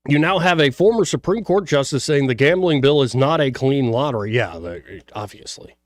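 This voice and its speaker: A man's voice: medium pitch, expressive, normal speed, no echo. A man hosting a radio talk show, reading news headlines and riffing on them with jokey asides. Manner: jokey, reads headlines then riffs with asides. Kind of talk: casual talk radio chat.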